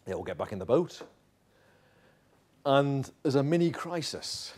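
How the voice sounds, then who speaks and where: A male pastor preaching an evening sermon in a chapel, swinging from loud declarations to hushed asides. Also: mid-range voice, unhurried. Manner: animated preacher, drops to hushed tones for quoted voices.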